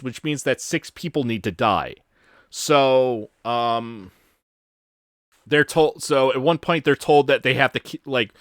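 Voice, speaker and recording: A man's voice: medium pitch, a bit bright, dry recording. Rambling, dry-voiced casual man. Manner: rambling retelling full of fillers and restarts; casual and profane. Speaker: podcast host. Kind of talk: casual chat.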